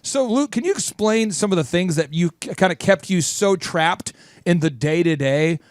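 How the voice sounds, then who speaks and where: A man hosting a business talk show, with a bright, high-pitched voice. He keeps up an energetic, playful manner and pushes the talk along with leading questions. The sound is dry and close, with no room echo. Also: moderate pace. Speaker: host.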